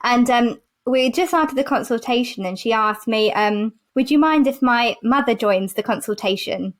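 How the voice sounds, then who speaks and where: High-voiced woman doctor, animated storyteller. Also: normal speed. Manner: animated storyteller who acts out quoted voices and laughs often. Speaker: doctor and podcast co-host. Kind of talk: casual chat, telling anecdotes.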